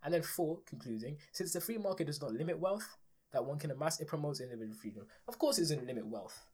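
A man's voice: lively intonation, quick pace. A young man hosting a solo political podcast, ranting in a sarcastic, emphatic way. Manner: ranting, sarcastic, emphatic with big swings in pitch and loudness. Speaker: podcast host.

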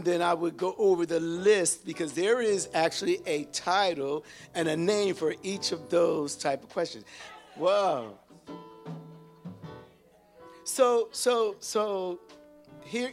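A man with a notably high voice leads a teaching sermon and keeps checking in with the congregation. He stumbles over repeated words as he reaches for ideas. Faint instrumental music sits low behind him. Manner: calls out to the congregation with repeated "hello?" and "whoa"; halting, repeats words while searching for them. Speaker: pastor and Bible teacher.

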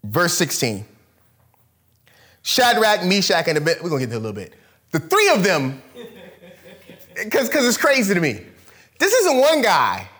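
A man preaching a sermon, retelling a Bible story with lively storytelling and casual slang. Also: fairly high pitch, normal speed, pauses often, breathy edge. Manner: animated storytelling, acts out characters in casual slang.

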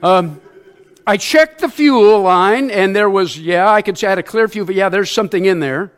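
Speaking at a normal speed in a high-pitched voice, an older man who serves as a church elder gives a sermon. He builds it around a self-mocking anecdote and voices the noises and quotes in the story.

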